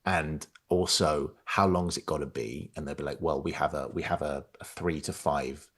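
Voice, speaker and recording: A man's voice: a bass voice, moderate pace, husky. A man, a guest voice actor chatting emphatically on a podcast. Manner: emphatic, animated storytelling with quoted asides. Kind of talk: casual podcast chat.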